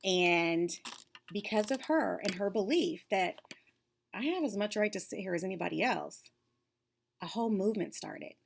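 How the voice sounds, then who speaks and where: Woman facilitator, encouraging coach to young girls, whispers for emphasis, slight vocal fry. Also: medium pitch, lively intonation, normal speed. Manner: warm, upbeat, coaching, drops to whispers for emphasis. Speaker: lead facilitator for girls' self-esteem class.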